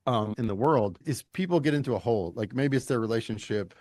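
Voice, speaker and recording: Animated middle-aged man from Louisiana. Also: medium pitch, fast talker, no echo. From Louisiana, United States. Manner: animated storyteller, emphatic and folksy. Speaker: leadership coach, podcast guest. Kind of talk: conversational interview.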